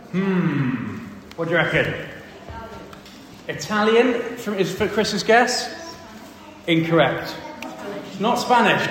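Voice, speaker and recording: A man leads a church family talk, animated and quizzing the children as he reads from the Bible. His fairly high voice rings out in a big echoey hall with a long reverb tail. A faint hum of the room sits behind him. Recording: echoey hall, distant mic.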